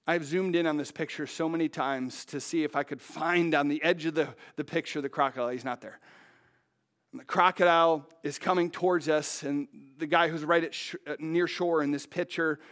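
A man telling a story to an audience from a stage, halting with fillers and dropping to a hush at tense moments. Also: on the high side, steady tone. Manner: halting, with many fillers and restarts. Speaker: speaker on stage.

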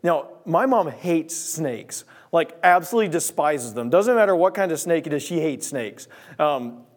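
A young man preaching a sermon, telling a story in an animated way and acting out voices and sound effects. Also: a little high, moderate pace.

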